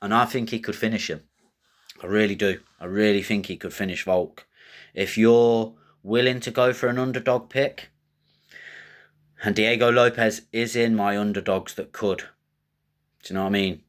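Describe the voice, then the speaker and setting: Blunt low-voiced man talking fights. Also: fairly even intonation, moderate pace, long pauses. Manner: blunt, rambling, coarse. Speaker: MMA betting tipster host. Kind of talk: casual predictions commentary.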